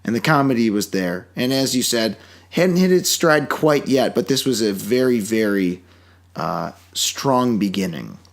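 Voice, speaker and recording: A man's voice: medium pitch, animated, a little slow, gravelly. A man co-hosting a podcast in casual chat, rambling through his points and joking with mock outrage. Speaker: podcast co-host.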